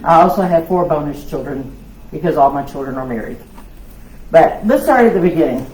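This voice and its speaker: Loud woman telling her story. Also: sits low, brisk. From South Louisiana. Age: 60s. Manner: loud, lively storytelling with laughs and acted-out voices. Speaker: women's conference speaker. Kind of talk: personal testimony talk. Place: church hall. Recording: echoey hall with faint noise.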